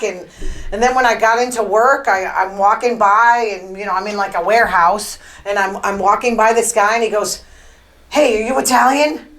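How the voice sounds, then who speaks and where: A woman's voice: medium pitch, fairly bright tone, low-quality recording. A woman hosting her own show, telling rambling stories about her week in a chatty, casual way with lots of fillers. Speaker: podcast host. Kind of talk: casual monologue.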